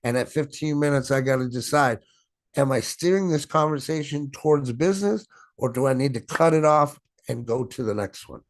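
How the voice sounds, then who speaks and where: A man's voice: mid-range voice, moderate pace, no room sound. Emphatic middle-aged male sales trainer. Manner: emphatic, stretches and stresses words; frequent "right?" tag questions. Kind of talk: business training presentation.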